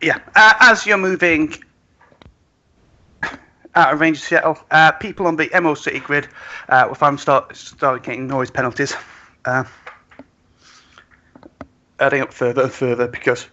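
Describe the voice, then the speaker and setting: A man's voice: a little high, steady tone, normal speed, long pauses, bright, forceful tone, dull audio. A man narrating as game master of an online tabletop game, hesitant, with lots of "uh". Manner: hesitant, filler-heavy.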